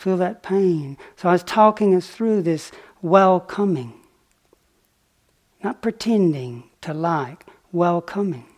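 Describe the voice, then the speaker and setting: A man giving a dharma talk as a meditation teacher, telling a story gently and unhurriedly, with pauses and small fillers. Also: high-pitched. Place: retreat center meditation hall.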